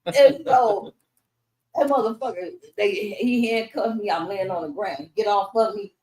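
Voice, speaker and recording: A woman's voice: mid-range voice, unhurried, a little mellow, poor audio. A middle-aged woman from Los Angeles telling her life story in a casual interview, cursing freely and acting out the voices of the people in it. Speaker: interview guest.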